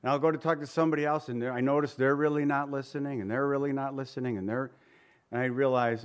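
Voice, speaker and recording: A pastor preaching a sermon, reading scripture in old-fashioned wording and asking the congregation conversational questions. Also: male voice, mid-range voice, fairly even intonation, fast talker.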